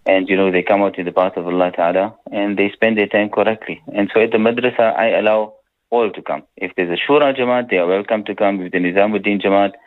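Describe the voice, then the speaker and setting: A man's voice: lowish voice, steady tone, fast. A man, an Islamic scholar answering listener questions on a radio call-in, talking emphatically and repeating his points. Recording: dull radio broadcast sound.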